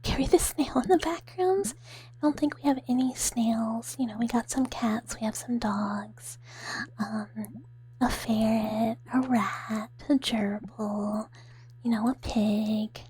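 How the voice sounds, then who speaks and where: Woman streamer whispering, whispered role-play, airy breathy voice, a bit high, giggly and chatty. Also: fairly even intonation, takes it slowly. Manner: soft whispering, giggly chat with viewers. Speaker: ASMR streamer.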